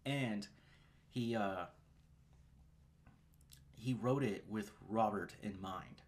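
A man's voice: on the low side, drawn-out words. A man co-hosting a podcast, casually and animatedly retelling movie scenes, with some swearing. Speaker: podcast co-host. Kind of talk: casual chat.

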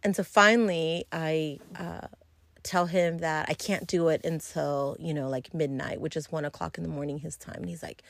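Low-voiced woman telling a rambling story. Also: steady tone, normal speed, gravelly, no echo. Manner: rambling, swears freely, many fillers. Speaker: podcast host. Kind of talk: casual solo storytelling.

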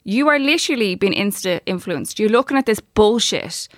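A woman's voice: medium pitch, expressive, normal speed, no room sound, clean studio sound. An Irish woman in her thirties telling stories in casual, sweary chat as a podcast co-host. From Ireland. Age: 30s. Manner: chatty, sweary, storytelling.

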